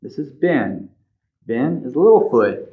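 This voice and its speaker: A man reading a picture book aloud to children as a librarian, animated, pointing out the pictures and asking questions. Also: medium pitch, slow. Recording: slightly dull lo-fi recording.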